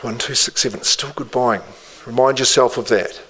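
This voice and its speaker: A man's voice: medium pitch, steady tone, bright, forceful tone, breathy edge, rough recording. New man calling a live auction. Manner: rhythmic patter repeating bid figures with quick asides. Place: indoor auction room.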